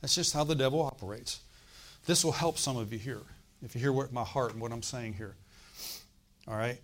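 A middle-aged man preaching with the rhythm of a storyteller, his pitch sitting in an ordinary middle range. He swings from quiet, confiding asides to sudden loud declarations, and breaks into acted-out bursts of laughter to drive his point home. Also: fairly quick. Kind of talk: sermon.

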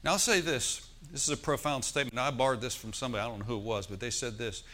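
A man preaching a sermon in a church. He speaks at an ordinary middle pitch and often turns to the congregation with questions for them to answer. He slows down to lead them through scripture line by line. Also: sharp tone. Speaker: pastor.

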